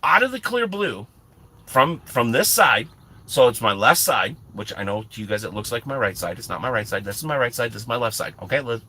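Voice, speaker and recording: Middle-aged male streamer, lively husky delivery, bright tone, self-mocking rambler. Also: medium pitch. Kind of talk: casual storytelling to live chat.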